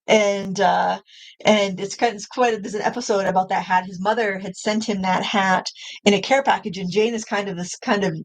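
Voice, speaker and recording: A woman's voice: mid-range voice, steady tone, moderate pace. A middle-aged woman hosting a casual art live stream, rambling and correcting herself as she talks about her paintings. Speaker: art channel host.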